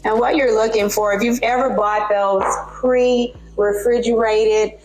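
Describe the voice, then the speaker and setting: A woman with a Southern twang walks viewers through a recipe in her home kitchen. She keeps it casual and friendly, calling her audience guys and tagging steps with okay. Faint music sits low behind her voice. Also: steady tone, unhurried, darkish tone, low-quality recording. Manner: chatty, addresses viewers as guys, frequent okays. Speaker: cooking channel host. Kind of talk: casual cooking demonstration.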